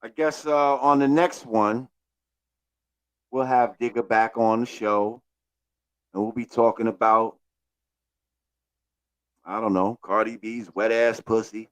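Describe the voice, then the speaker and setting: A man's voice: on the low side, steady tone, slow pace, pauses often, no room sound. Laid-back man hosting a livestream. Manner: laid-back, reads out viewer names and thanks them. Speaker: livestream host. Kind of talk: casual livestream chat.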